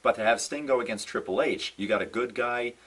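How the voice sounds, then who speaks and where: Recorded far from the mic in poor audio, this young male wrestling fan vlogger speaks at medium pitch, a little fast, with a breathy edge. His casual rant to camera is exasperated and animated, full of sighs, repeated "no"s, repetition, and emphasis on his letdown.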